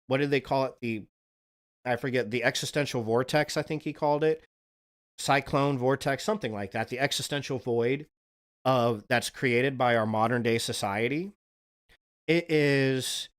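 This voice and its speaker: A man hosting a livestream, talking in a casual, earnest, rambling monologue and swearing now and then. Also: mid-range voice. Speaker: livestream host.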